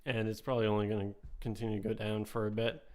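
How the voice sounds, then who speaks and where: A man with a slightly hoarse voice, loosely thinking aloud as he hosts a casual stock market commentary. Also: on the low side, little pitch movement, racing. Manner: thinking aloud while reading charts, loose and offhand. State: slightly hoarse, losing his voice. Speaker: host.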